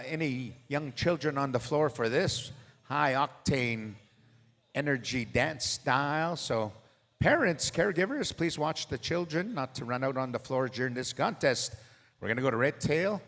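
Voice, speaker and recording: A man's voice: medium pitch, expressive, normal speed, fairly bright tone. A man emceeing a powwow contest over the arena PA, hyping the crowd between calls and jokes. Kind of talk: live event announcing. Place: large indoor powwow arena. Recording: echoey arena PA sound.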